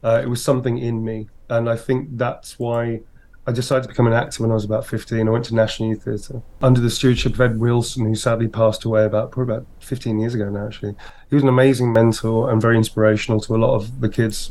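A man speaking in an interview, telling his stories with animation. He voices the people in them as he goes. His voice sits at an ordinary pitch, and he talks in a casual, expressive way. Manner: lively, animated storyteller who acts out voices. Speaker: actor and guest. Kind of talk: interview storytelling.

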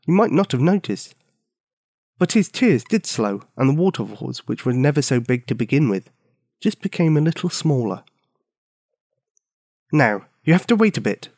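Brief: male storyteller, animated pitch, playful asides, dry close-miked read. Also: no echo. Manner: expressive, with playful asides to the listener. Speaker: narrator. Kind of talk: children's storybook narration.

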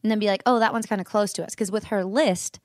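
A young woman chatting casually as a guest, animated and playful, often laughing and putting on mock voices. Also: medium pitch, fast talker, no echo, studio quality. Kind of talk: casual chat.

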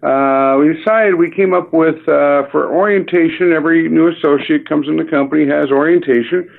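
A man's voice: a little high, normal speed, gravelly. Man telling a story, phone-like sound. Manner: frequent filler words, acts out dialogue. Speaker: restaurant company leader. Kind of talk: anecdotal storytelling. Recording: narrow phone-like radio audio.

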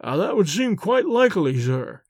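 A man voicing a calm, respectful male servant in a storybook, polite and unruffled. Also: sits high, normal speed, no echo, studio quality. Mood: deferential. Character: calm, deferential male manservant.

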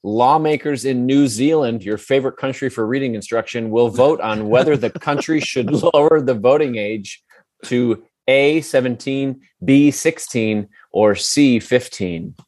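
A man's voice: mid-range voice, unhurried, darkish tone, dry recording. A man co-hosting a podcast, reading quiz questions in a jovial, teasing way and lilting the answer choices. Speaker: podcast co-host, quizmaster.

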